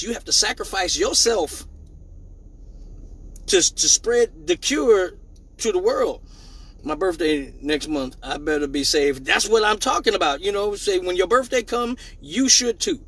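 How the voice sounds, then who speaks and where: Husky high-voiced man hosting a livestream. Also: rough recording. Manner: joking mock-serious preaching, loud bursts of laughter. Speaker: live show host. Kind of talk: crude comedic live stream chat.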